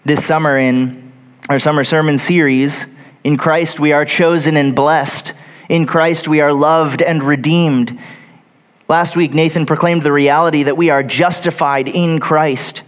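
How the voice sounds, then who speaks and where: A man's voice: on the high side, fairly even intonation, a little slow. A man preaching a sermon in a church, earnest and building his points through lists and repetition. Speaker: pastor. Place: church sanctuary.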